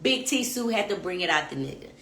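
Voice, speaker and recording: A young adult woman, hosting a podcast and telling a story in blunt, profane, animated casual talk. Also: on the low side, brisk, heavy background noise. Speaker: podcast host. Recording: echoey room.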